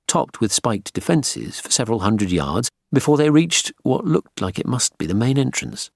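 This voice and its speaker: Husky, low-voiced male audiobook narrator. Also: no echo, clean studio sound. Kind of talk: scripted narration.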